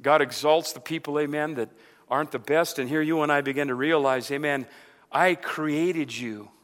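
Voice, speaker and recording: A man delivers a sermon with a high, bright voice, talking loosely and dropping "amen" between phrases. He often restarts and repeats words as he builds his point. The sound carries a long reverb, as in a large hall. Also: normal speed. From Arizona, USA. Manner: preaching with frequent "amen" fillers and repetitions. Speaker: pastor.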